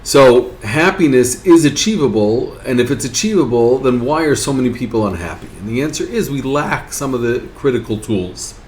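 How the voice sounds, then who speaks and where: A man's voice: mid-range voice, expressive, normal speed, few pauses, slight background noise. A man giving a spoken lesson, often asking his listeners "right?". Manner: rhetorical, keeps asking "right?". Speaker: teacher. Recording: echoey room.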